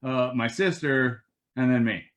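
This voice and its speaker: A man's voice: mid-range voice, a little slow. A man speaking as a guest on a webcast, laid-back and swearing casually. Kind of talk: casual chat.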